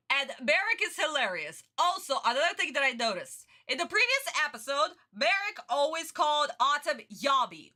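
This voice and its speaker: Fields: bright, giggly woman rambling. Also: high-pitched. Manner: rambling and giggly, laughing often. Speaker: reaction video host. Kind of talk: casual chat.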